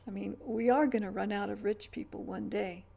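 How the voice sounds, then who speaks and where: Middle-aged female vlogger, mellow gravelly tone, meandering chatty delivery with stammers. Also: medium pitch, fairly even intonation, brisk. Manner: chatty, stammering restarts, trailing asides. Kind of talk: rambling casual chat.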